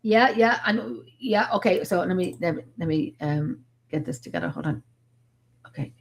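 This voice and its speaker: An Irish woman talking over a video call in an excitable, rambling way. She trips over her words and circles back as she goes. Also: lowish voice, moderate pace, creaky, a little hiss or hum. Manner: excitable, rambling, many restarts. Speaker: paranormal investigator. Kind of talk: casual chat on a video call.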